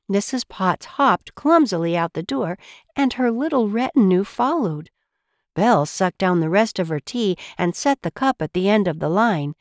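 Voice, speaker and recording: A woman reading a storybook aloud, expressive and unhurried. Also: mid-range voice, no echo, studio quality. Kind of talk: storybook read-aloud narration.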